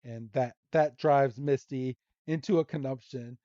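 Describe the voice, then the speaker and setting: A man hosting a podcast, casually recapping an episode and slipping into quick voiced quotes of the characters. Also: medium pitch, fairly even intonation, dark tone, no echo. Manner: retells scenes with quick voiced quotes and laughs. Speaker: podcast host. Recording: dull lo-fi recording.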